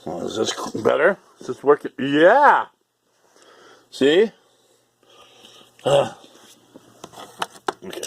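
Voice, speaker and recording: A man's voice: mid-range voice, wildly swooping pitch, takes it slowly, creaky, long pauses, breathy edge. A man vlogging off the cuff, rambling and repeating himself, swearing a lot and joking around. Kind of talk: casual off-the-cuff vlog.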